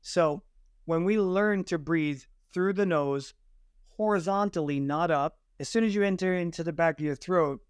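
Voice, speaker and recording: A man's voice: a little high, moderate pace, clear, resonant tone, no room sound, clean studio sound. A man guesting on a podcast who explains breathing technique in firm, declarative statements. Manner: assertive, declarative teaching. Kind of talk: explanatory interview answers.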